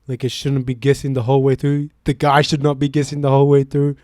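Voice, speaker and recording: Young Kiwi host, mid pitch, dry close sound, jokey and crude. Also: male voice, completely flat delivery, fast, darkish tone, no room sound. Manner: joking, swears freely, laughs often. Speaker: podcast host. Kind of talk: casual chat.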